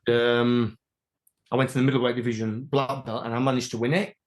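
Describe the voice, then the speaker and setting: A man, an interview guest telling rambling, animated stories in casual chat. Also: mid-range voice, a little fast. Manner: animated, rambling, many restarts.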